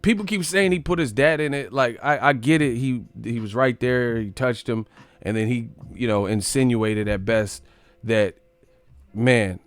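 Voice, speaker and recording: A man's voice: mid-range voice, no echo. A man hosting a boxing live stream, ranting profanely and animatedly about the sport. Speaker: boxing channel host.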